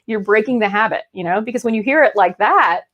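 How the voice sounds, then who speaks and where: A woman's voice: expressive, fast, fairly bright tone, dull audio. A woman in her thirties co-hosting a podcast in casual chat, talking freely and laughing often. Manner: chatty, laughs often, puts on squeaky voices to make a point. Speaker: podcast co-host.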